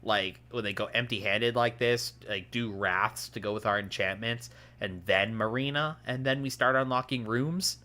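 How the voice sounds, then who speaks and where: A man's voice: lowish voice, normal speed, hardly any pauses, sharp tone. A man giving casual commentary while playing a card game, thinking aloud and chuckling often.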